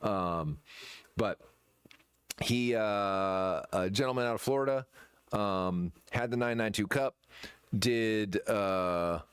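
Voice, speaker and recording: A man who runs a shop, chatting casually in a rambling, halting way with many fillers and restarts. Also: lowish voice, smooth, no echo, studio quality. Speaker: shop owner presenting merchandise. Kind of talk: casual chat.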